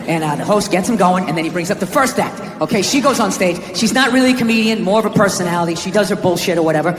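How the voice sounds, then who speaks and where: Loud ranting man doing stand-up. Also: high-pitched, lively intonation, fast. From United States. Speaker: stand-up comedian. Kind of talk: stand-up comedy set. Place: comedy stage before a live audience. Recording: echoey live hall with crowd noise.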